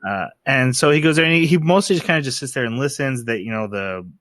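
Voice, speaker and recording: A man co-hosting a podcast, chatting casually and retelling scenes in an animated way. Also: medium pitch, fast, no echo. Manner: animated, retells scenes with quoted voices and laughs. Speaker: podcast co-host. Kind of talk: casual chat.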